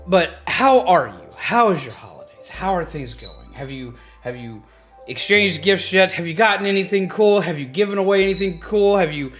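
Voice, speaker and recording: A high, bright male voice chatting casually as a livestream host. He is chatty and excitable and repeats himself often. Faint background music plays under him. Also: normal speed.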